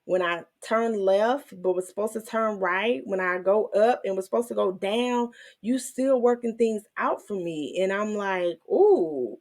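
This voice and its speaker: A woman hosting her own faith channel, teaching and testifying in an emotional, animated way, with some in her speech. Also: medium pitch, unhurried. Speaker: Christian women's channel host.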